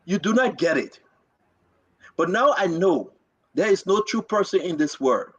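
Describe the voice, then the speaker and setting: A man's voice: high voice, animated, a little slow, fairly bright tone, husky, lo-fi sound. A man hosting a live political talk show, emphatic and repeating himself as he reads quotes aloud.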